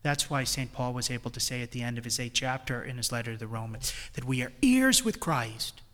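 A man's voice: medium pitch, level tone, quick pace, bright, forceful tone, big-room sound. A man with a New England accent preaching a retreat sermon, swelling emphatically on key phrases. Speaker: priest leading a retreat.

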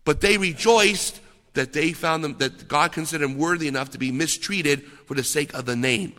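A man preaching, his voice bright and slightly high for a man. He tells his stories with animated asides, often checking in with "okay?". The sound carries a long reverb, as in a large church hall. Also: moderate pace. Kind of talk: sermon.

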